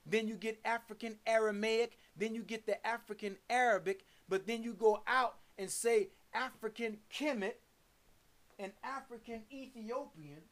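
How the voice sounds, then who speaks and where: A woman preaching in a slow, measured sermon, leaning hard on each word and circling back through lists. Her voice sits fairly high. She lingers over syllables as she teaches. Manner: emphatic, repeats and lists words, stresses syllables. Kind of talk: sermon with scripture study.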